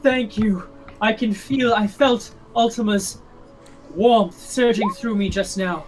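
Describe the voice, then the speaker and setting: A woman's voice: fairly high pitch, steady tone, unhurried, soft background music, pitched above the performer's own voice, close to an everyday voice, rough recording. Woman doing a pleading penitent man. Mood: fervent. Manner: pleading, overwrought piety. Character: penitent man whipping himself, pleading and showy.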